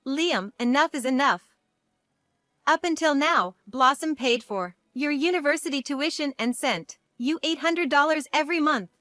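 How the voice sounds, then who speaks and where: A woman's voice: high-pitched, normal speed, pushed and bright, dry recording, clean studio sound. A woman reading the lines of a father nearly seventy years old in a family story, with plain read-out delivery. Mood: stern. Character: quiet old father near seventy, stern now.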